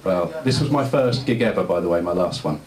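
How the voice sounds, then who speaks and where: A man's voice: low voice, animated, brisk, darkish tone. A man doing a stand-up comedy set, rambling and self-deprecating, chatting with the crowd in a live venue. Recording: roomy venue with audience laughter.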